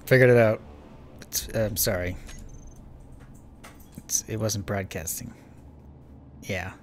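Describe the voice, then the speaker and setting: A man's voice: lowish voice, slow, pauses often, faint music behind. A man giving casual, rambling let's-play commentary while playing a space building game, joking at his own expense. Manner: chatty, rambling, self-mocking. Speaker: gaming channel host.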